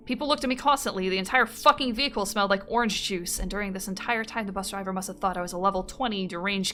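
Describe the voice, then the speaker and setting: A woman streamer reading out viewer confessions and reacting in an animated way, often breaking into laughter and swearing freely. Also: medium pitch, quick pace, hardly any pauses, faint music behind. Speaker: streamer host.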